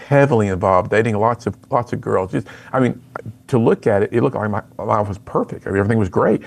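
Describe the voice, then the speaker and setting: A man's voice: on the low side, gravelly, darkish tone. A middle-aged man, a youth speaker and author, telling his personal story in an interview with earnest storytelling and acted-out dialogue.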